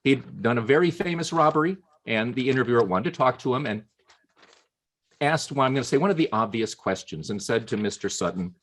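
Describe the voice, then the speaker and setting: Husky man telling humorous anecdotes. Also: medium pitch, animated, fairly bright tone. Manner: storytelling with playful pauses. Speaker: Toastmasters club speaker. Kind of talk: humorous prepared speech. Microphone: video call.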